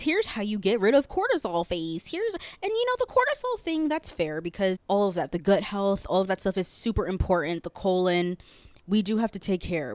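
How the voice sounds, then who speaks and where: A woman's voice: fairly low pitch, no echo. Earnest young woman ranting, choked up. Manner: rambling, earnest and impassioned, swears casually. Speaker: podcast host. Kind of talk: solo podcast monologue.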